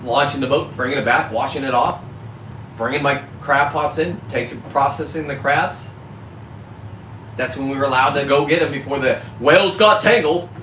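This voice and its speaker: A man's voice: medium pitch, normal speed, sharp tone. A man from California, a fisherman vlogger, delivering a heated, profane rant to camera and catching himself on his cussing. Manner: heated, profane, self-correcting about cussing. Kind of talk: ranting monologue to camera. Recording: echoey, distant mic with faint background noise.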